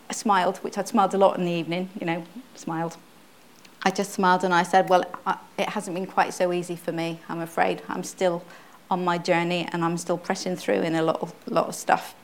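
A woman's voice: lowish voice, little pitch movement, moderate pace. A middle-aged woman giving a personal testimony sermon at church, earnest and conversational, often restarting her phrases. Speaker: church speaker, pastor's wife.

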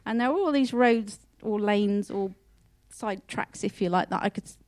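A woman's voice: medium pitch, normal speed, darkish tone. A woman giving a heartfelt personal devotional talk, earnest and emotional, often repeating and restarting her words. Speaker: Christian speaker.

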